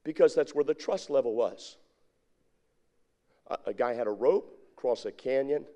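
Animated middle-aged preacher. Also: male voice, mid-range voice, moderate pace. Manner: animated call-and-response preaching. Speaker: pastor. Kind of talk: sermon.

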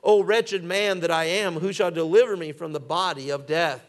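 A man's voice: on the high side, normal speed. A man preaching a sermon as pastor, driving points home with repetition and calls to the congregation, reading scripture in old-fashioned phrasing.

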